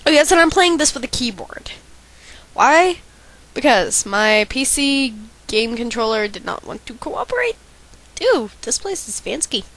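High, lively teen girl gaming commentary. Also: a little slow. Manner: chatty, giggly, self-deprecating. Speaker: let's play gamer. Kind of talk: casual game commentary with read-out dialogue.

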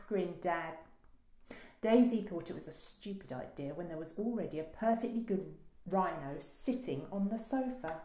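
A woman librarian reading a children's picture book aloud with slow, expressive storytelling. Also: on the low side. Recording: roomy echo.

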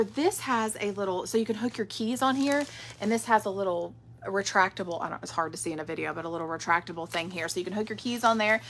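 A woman's voice: mid-range voice, pushed and bright, a little hiss or hum. A woman, chatting casually in a product vlog, rambling with fillers. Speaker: direct sales director.

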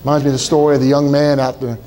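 A man's voice: medium pitch, level tone, racing, dark tone, a little hiss or hum, poor audio. A male pastor preaching a sermon, retelling a scripture story dramatically in first person with many repeated words. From Southwestern Ohio.

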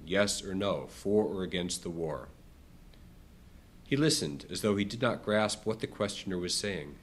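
A man reading a passage from a book aloud in a measured way, raising his voice for quoted speech and dropping it for the tags. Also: fairly low pitch. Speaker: reader.

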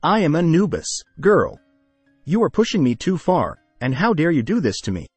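A man reading the lines of a proud, indignant male jackal-headed royal aide in an anime recap, in a husky voice. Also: a little high, very animated, moderate pace, no echo, faint music behind. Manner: indignant, scolding.

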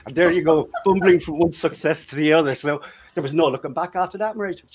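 A man's voice: on the high side, fast, background noise. A man, a guest in a casual chat, telling jovial, self-deprecating anecdotes. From Ireland.

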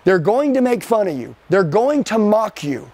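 A man with a high voice running a live sales training for a team. He coaches forcefully and keeps throwing rhetorical questions at the room. He shifts his pace, rushing some lines and drawing others out for emphasis. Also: very animated. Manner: speeds up and slows down for emphasis.

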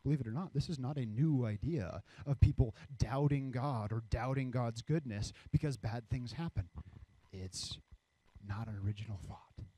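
A man's voice: mid-range voice, normal speed, warm tone, slightly rough. A man preaching a sermon as pastor, reading scripture and acting out the voices of people in the story.

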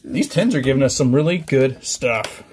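A man hosting a trading card opening vlog, chatty and excited, rattling off card names. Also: mid-range voice, moderate pace, music in the background. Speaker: card-opening channel host.

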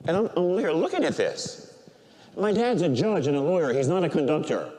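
An older male priest delivers a sermon in a church full of long, ringing reverb, with a faint hiss or hum in the background. His sing-song pitch leaps up in loud proclamation and falls low and hushed as he gets emotional. He tells his story at normal speed, swinging between forceful preaching and quiet, near-tearful speech.

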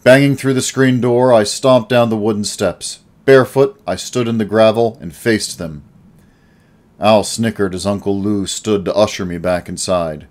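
A man narrating an audiobook in the first person with a steady storytelling delivery. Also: on the low side, normal speed.

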